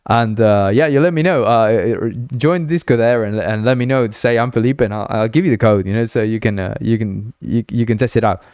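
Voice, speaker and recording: A man's voice: on the low side, a little fast, hardly any pauses, a little mellow, clean tone, no echo, clean studio sound. A man from Uruguay hosting a casual livestream, rambling and joking, with frequent laughs and stumbling restarts. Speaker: livestream host.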